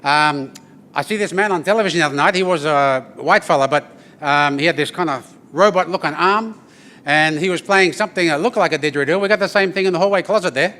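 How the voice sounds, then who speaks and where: A man's voice: fairly high pitch, fast, pushed and bright. A man recounts his mother's fond, practical advice in her words. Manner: fond, matter-of-fact advice. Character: gentle, practical middle-aged mother.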